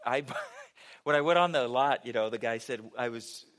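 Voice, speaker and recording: A man's voice: medium pitch, moderate pace, a bit bright. A middle-aged man preaching a sermon, telling a story with humor and asking the audience questions.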